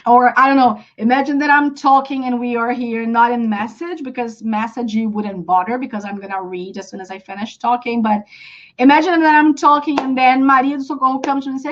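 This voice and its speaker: High-voiced young Brazilian woman, native Portuguese speaker, chatty live English teacher, dull lo-fi audio. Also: a little fast. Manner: chatty, animated, many fillers. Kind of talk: live online English lesson.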